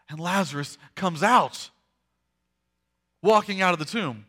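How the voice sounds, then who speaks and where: A man preaching a sermon, retelling a story dramatically, acting out the voices and swinging from hushed to loud. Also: high voice, measured pace. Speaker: pastor.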